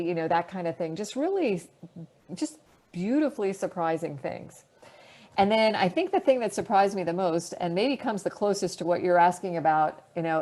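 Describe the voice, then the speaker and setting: A middle-aged woman, an astronaut guest, telling stories casually on a video call, animated and laughing often, with many fillers. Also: lowish voice. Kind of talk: casual storytelling answers.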